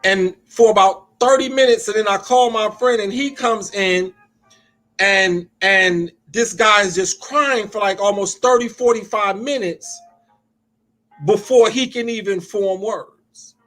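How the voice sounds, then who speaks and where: A man, pastor and host of a call-in show, telling a story in a conversational sermon style and slowing down to stress his points. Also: sits high, fairly bright tone, soft background music.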